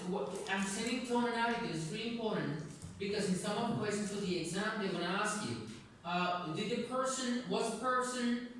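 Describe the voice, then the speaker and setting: A woman's voice: medium pitch, a little hiss or hum. A woman teacher running an English lesson in a classroom. She asks many questions and often repeats words as she starts. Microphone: recording device at a distance. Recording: echoey classroom from far off.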